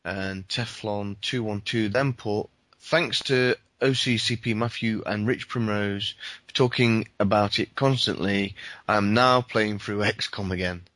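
A man reads listener tweets on a podcast at a very slow, measured pace. His voice sits close to the mic with a dry sound. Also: lowish voice, fairly even intonation, a bit bright, no echo. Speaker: podcast co-host. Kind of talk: casual podcast chat, reading tweets.

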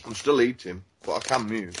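A man's voice: fairly low pitch, moderate pace, noisy background. A man, co-hosting a casual podcast chat, rambling and swearing freely. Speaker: podcast co-host.

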